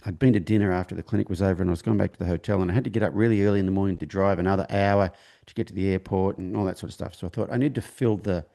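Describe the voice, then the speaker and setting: A man tells a long personal story during an interview, halting and restarting as he acts out what people said. His voice is low and dark, with a gravelly texture. The delivery is conversational. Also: steady tone. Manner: halting, with many restarts, acting out quoted dialogue. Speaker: horse trainer, interview guest.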